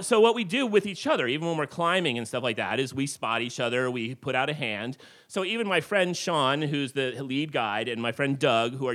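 A middle-aged man telling a rambling true story to a live audience in a tavern, with lots of fillers. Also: medium pitch. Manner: animated, rambling with many fillers.

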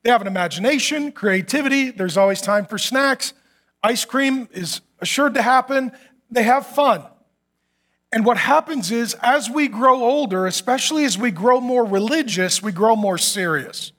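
Middle aged pastor guy preaching, really high voice, animated storytelling w jokes. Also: normal speed. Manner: animated storytelling with acted quotes and humor. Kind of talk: sermon.

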